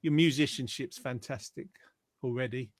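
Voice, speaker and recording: A man's voice: medium pitch, normal speed, dry recording, clean studio sound. A man hosting a casual online show, chatty and teasing in a friendly way. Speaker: host.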